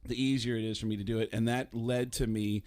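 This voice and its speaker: A man from the Bronx, a comedian and voice actor, telling stories as a radio guest in a lively way, slipping into voices. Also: mid-range voice, fast. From the Bronx, New York. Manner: animated storyteller, slips into voices. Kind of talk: casual radio interview storytelling.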